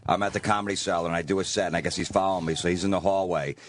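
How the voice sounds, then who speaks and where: A man, a comedian guest, telling a quick anecdote in casual chat. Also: low-pitched, fairly even intonation, slight background noise.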